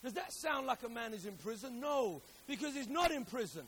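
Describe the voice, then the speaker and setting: A man preaching a sermon, dropping to quiet storytelling and rising to loud, emphatic exhortation with repeated phrases. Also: extremely high pitch, very animated, brisk, a little hiss or hum.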